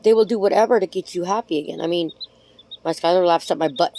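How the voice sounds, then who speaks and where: Chatty woman with a lowish voice. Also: quick pace, noisy background. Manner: chatty, rambling, affectionate; frank, swears casually. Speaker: vlogger. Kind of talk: casual talk to camera.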